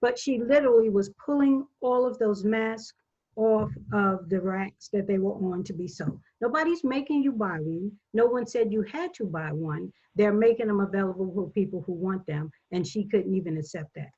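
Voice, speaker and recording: A woman telling a story in a casual group podcast chat, in an animated way. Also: medium pitch, normal speed, breathy edge. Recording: dull lo-fi call audio.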